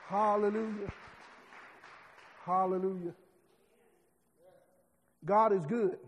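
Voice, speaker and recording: A man preaching a sermon in a rhythmic call-and-response style, building from quiet storytelling to shouted peaks. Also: high-pitched, unhurried, long pauses, a faint crowd. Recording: long hall reverb.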